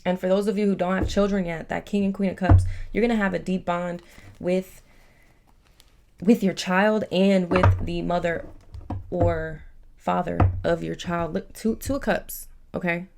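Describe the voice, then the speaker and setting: A woman giving a casual, chatty tarot reading, warm and emotional, with many fillers. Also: on the low side, fairly even intonation, a little slow, creaky, noisy background. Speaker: tarot reader.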